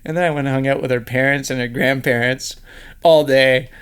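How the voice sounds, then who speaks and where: Give me a laughing, animated man from Canada telling a story on a podcast. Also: mid-range voice, fairly quick, clear, resonant tone. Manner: animated storyteller who laughs often and puts on quoted voices. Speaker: podcast guest. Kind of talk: casual chat, storytelling.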